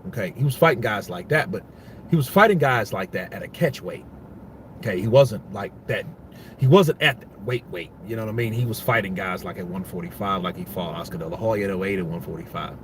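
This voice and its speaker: A man's voice: lowish voice, fairly quick, slight background noise. A man giving casual, rambling boxing commentary, full of profanity and restarts.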